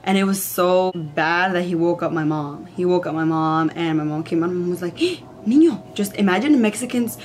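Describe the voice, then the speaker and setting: A woman's voice: on the low side, normal speed, hardly any pauses. A young woman telling a story in a rambling way with lots of "like", in casual chat. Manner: rambling, says "like" a lot. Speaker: vlogger.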